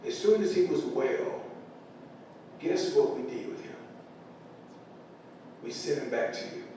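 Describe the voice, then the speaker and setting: A man's voice: huge pitch swings, measured pace, warm tone. A middle-aged man gives an earnest, emotional motivational speech to school staff. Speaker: parent speaking to school staff. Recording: echoey large room from far off, faint rumble.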